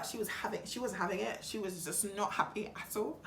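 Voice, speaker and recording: Young woman, vlogger, chatty and dramatic, roomy echo, faint hum. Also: mid-range voice. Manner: chatty, dramatic, quick retellings with lively quoted voices. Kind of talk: personal storytelling vlog.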